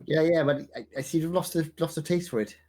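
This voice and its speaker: A man's voice: a little high, fast talker, a little mellow, faint music behind. A man playing a tabletop game, talking in a hesitant, polite way with many fillers. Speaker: player. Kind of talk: casual tabletop role-play.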